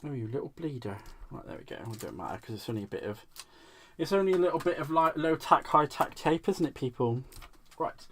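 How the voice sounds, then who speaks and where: A man's voice: on the high side, lively intonation, fairly quick, slight background noise. Chatty man crafting live. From United Kingdom. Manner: chatty and playful, talks to himself and viewers with giggles and silly repeated words. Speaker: craft channel host. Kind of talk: casual live crafting chat.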